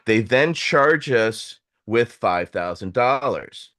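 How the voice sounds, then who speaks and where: Male host, casual storyteller, animated, middle pitch. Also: takes it slowly. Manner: animated, swearing, acts out quoted voices.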